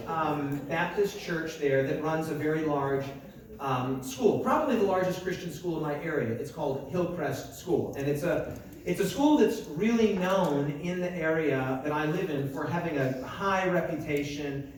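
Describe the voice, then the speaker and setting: American pastor in a booming echoey hall. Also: male voice, moderate pace. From United States. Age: young adult. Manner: chatty and self-mocking, with asides and acted-out dialogue. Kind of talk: storytelling conference sermon. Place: large conference hall. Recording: very echoey hall, mic far off.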